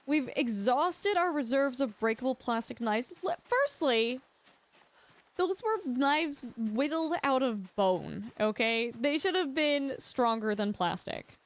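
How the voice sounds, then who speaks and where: A woman's voice: high-pitched, animated, slow. A young woman streaming a survival game live, chatting through her play and greeting viewers by name.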